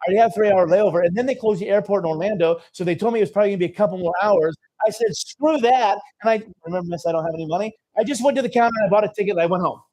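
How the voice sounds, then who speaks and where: A man's voice: high-pitched, racing, few pauses, a little mellow, pitched above the performer's own voice, low-quality recording. A man acting out a frustrated young woman student who is complaining about her trip, in a raised, complaining voice. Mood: exasperated.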